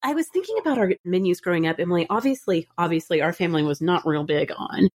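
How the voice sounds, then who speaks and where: A woman's voice: fairly low pitch, animated, fast talker, darkish tone. A woman in her thirties hosting a podcast, chatting casually and laughing often. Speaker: podcast host. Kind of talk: casual chat.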